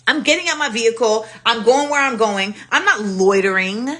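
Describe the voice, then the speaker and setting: A woman hosting a casual livestream chat, telling stories in an animated way and acting out the exchanges with blunt profanity. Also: a little high, moderate pace. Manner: animated storytelling, acts out quoted exchanges with profanity. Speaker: livestream host. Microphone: phone livestream.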